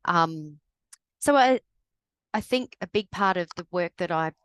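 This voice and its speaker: Podcast guest: woman with a lowish voice, candid and thoughtful, dry close sound. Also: fairly bright tone, dry recording. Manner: candid and reflective. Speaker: grief recovery specialist guest. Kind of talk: podcast conversation.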